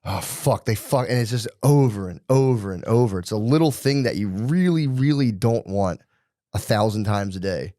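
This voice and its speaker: A man's voice: on the low side, animated, moderate pace, mellow, no echo, clean studio sound. A man co-hosting a podcast in casual chat, swearing freely and acting out his own inner thoughts. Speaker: podcast co-host.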